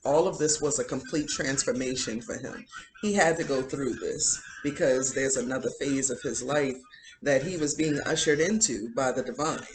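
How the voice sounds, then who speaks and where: A woman's voice: extremely low pitch, normal speed, slight background noise, poor audio. A woman giving a casual spiritual commentary, chatty and indignant, full of "um" and "like". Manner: chatty, filler-heavy, indignant. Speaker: spiritual vlogger.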